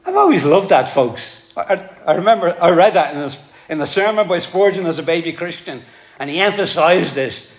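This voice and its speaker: A man's voice: sits high, lively intonation, moderate pace. A man preaching a sermon to his congregation, earnest and pleading, calling them folks. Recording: echoey hall.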